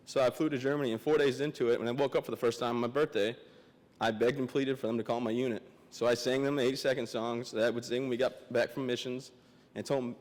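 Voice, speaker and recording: A young man giving a memorial speech as a guest speaker, joking and self-deprecating, halting and emotional, close to tears. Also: mid-range voice, fairly even intonation, a little mellow. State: emotional, teary. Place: large memorial hall. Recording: long hall reverb.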